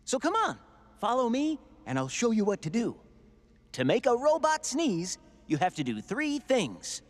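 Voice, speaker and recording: A man's voice: very high voice, wildly swooping pitch, unhurried, in a large hall, heavily acted. A man voicing a cheerful male cartoon robot helper who eagerly instructs and encourages in a sing-song way. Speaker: robot sidekick. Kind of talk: children's cartoon voice acting.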